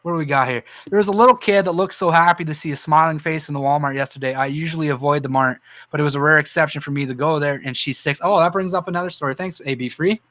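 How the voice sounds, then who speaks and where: High-voiced impassioned Canadian man. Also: fast talker, fairly bright tone. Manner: earnest, emotional, tells personal stories; reads viewer comments aloud. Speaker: livestream host. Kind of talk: impassioned livestream commentary.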